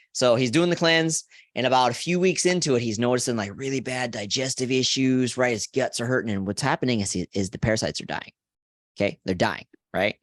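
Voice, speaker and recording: A man's voice: dry recording, clean studio sound. A man in his forties hosting a live stream, telling rambling, profane stories and tagging most sentences with "right?". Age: 40s. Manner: profane, keeps asking "right?" after each point; animated storyteller, voice jumps high when quoting friends.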